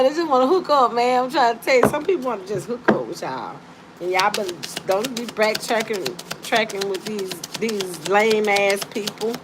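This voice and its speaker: A woman runs a casual live-stream card reading, teasing her viewers, swearing, and laughing often in an animated way. Her voice is a little high, and steady background noise runs through the recording.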